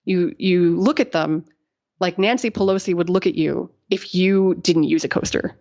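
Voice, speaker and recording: A middle-aged woman with a lowish voice tells stories as a podcast guest. She talks in a lively way, laughs often, and acts out the people she quotes. The audio sounds dull and lo-fi. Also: moderate pace. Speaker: guest engineer. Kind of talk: casual interview storytelling.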